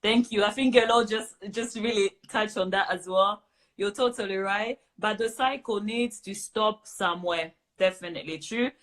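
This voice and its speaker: A woman's voice: medium pitch, normal speed, a bit bright. Woman host reading out viewer comments. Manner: affirming, reads out comments and questions.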